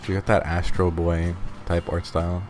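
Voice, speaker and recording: A young man with a very low voice, joking and teasing his friend as they play a video game together. His tone stays casual. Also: flat delivery, moderate pace, music in the background. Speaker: gaming commentator. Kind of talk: casual gaming chat.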